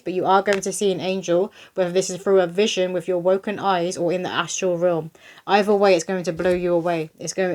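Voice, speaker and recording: A young woman psychic medium giving a casual, chatty spiritual reading to camera, breezy and animated in her delivery. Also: lowish voice. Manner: chatty, breezy, spiritual, with bursts of quoted voices.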